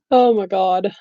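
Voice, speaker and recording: A woman's voice: fairly high pitch, dark tone, dry recording, dull audio. A middle-aged woman chatting casually on a live stream, blunt and rambling, laughing often and saying she has no filter. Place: bedroom at home.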